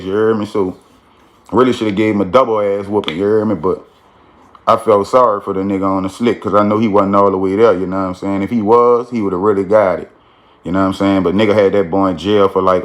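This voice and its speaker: A man's voice: lowish voice, steady tone, fairly quick. A man telling a street story in a casual, slangy way, with frequent "you feel me" tags.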